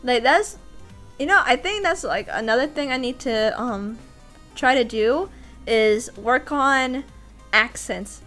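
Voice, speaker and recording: A woman voice actor chatting casually on a livestream, animated, laughing often and restarting sentences. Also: sits high, takes it slowly, soft background music. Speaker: voice actor and streamer.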